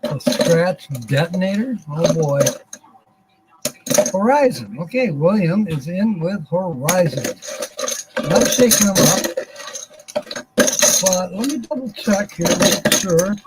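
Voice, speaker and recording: Stream host, man, slow and mumbling, with loud kitchen clatter behind. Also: high-pitched, animated, very noisy. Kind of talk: casual chat while scratching lottery tickets. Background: dishes and cutlery clattering.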